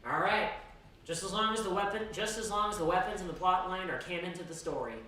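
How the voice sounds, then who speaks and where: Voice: mid-range voice, fast, sharp tone. Rambling streamer in a very echoey room. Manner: rambling, with frequent restarts and laughs. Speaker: game streamer. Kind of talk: casual chat while gaming. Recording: very echoey, distant, background noise.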